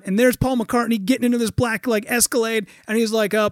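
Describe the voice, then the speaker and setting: A man in casual podcast chat, telling stories with lively acted-out quotes and frequent swearing. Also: sits high, fast talker, hardly any pauses, no room sound, clean studio sound. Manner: animated storyteller, acts out quotes, swears. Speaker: guest.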